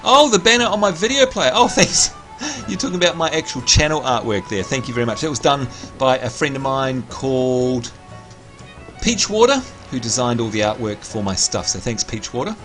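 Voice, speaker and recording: A man livestreaming a video game, chatting casually, reading out viewer messages and giving shout-outs, with excitable bursts while he plays. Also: medium pitch, normal speed, soft background music.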